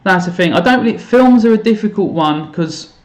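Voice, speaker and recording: A teacher streams live to his students from a room at home, playing a game while chatting casually, poking fun at himself and thinking aloud. His high voice is animated and a little fast, with reverb in the room.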